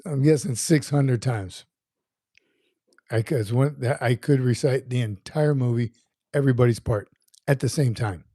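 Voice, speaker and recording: A man in his fifties hosts a livestream, chatting casually and reading comments aloud as he rambles and circles back over his words. His mid-range voice is mellow and relaxed, with a measured pace and long pauses. The sound is dry and close, with no echo or room around it.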